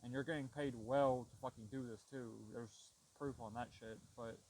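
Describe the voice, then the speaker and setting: A man's voice: mid-range voice, steady tone, moderate pace, a little mellow, a little hiss or hum, rough recording. A young man telling a story about a shelter in a casual, frustrated rant, swearing heavily and restarting his sentences. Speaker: vlogger.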